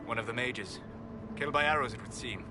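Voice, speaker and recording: An actor plays a composed elven mage in a fantasy video game. His speech is measured and formal, and he delivers it briskly. Loud game music plays behind him. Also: mid-range voice, lightly acted. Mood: grave.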